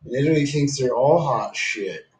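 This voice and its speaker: A man's voice: mid-range voice, expressive, normal speed, reverberant, rough recording. A man delivering a casual, profanity-laced, rambling rant to camera, repeatedly calling the listener "dude".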